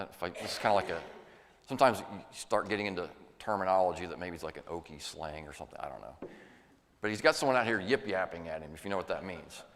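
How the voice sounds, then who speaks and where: A man with a low voice preaches a sermon in a church, his words trailing into a long reverb. He is earnest and folksy, and now and then he acts out the voices of the people he quotes. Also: fairly bright tone. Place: church sanctuary.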